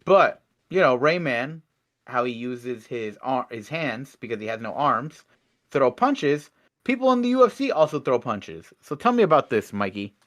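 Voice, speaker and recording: A young man co-hosting a casual online show, reading gaming news and adding sarcastic, animated asides, his voice swinging from loud to soft. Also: mid-range voice, moderate pace. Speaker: co-host.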